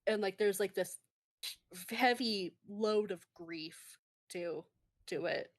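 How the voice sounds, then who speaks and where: Woman, game master, tabletop game narration, halting, filler-heavy, slow pace. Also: mid-range voice. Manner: hesitant, full of fillers.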